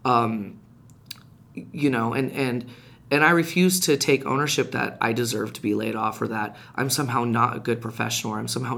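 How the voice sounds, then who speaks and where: A man telling a personal story in casual podcast chat, animated and rising in pitch when reliving heated moments. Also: creaky. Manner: frequent restarts and fillers, conversational. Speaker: podcast guest.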